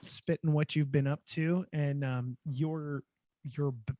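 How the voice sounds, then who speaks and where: A man's voice: a little high, steady tone, slow pace, no echo. Joking male podcast host, dry sound. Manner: jokey, breaks into mock shouting and laughter. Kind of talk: casual chat.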